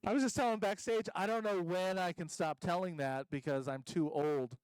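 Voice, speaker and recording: A man's voice: high-pitched, fairly quick, clear, resonant tone, no echo, rough recording. A man doing a stand-up comedy set at a convention stage, rambling and self-deprecating, full of ums and restarts.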